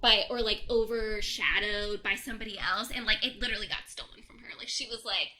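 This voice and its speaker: Bright-voiced woman recapping a book. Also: mid-range voice, fairly even intonation, brisk, a little hiss or hum. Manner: chatty, frequent filler words. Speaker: book podcast host. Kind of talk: casual plot recap.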